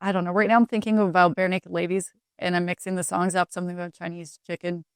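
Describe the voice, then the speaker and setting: A woman's voice: fairly low pitch, flat delivery, quick pace, smooth, no room sound, clean studio sound. A woman from Canada hosting a casual sports chat in a bubbly, teasing way. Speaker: host.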